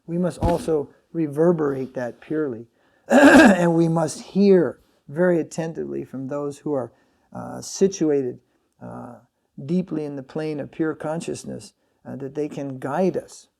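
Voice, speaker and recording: A man giving a sermon as a swami, telling a story in a halting way with many fillers and restarts. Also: fairly high pitch, animated, creaky.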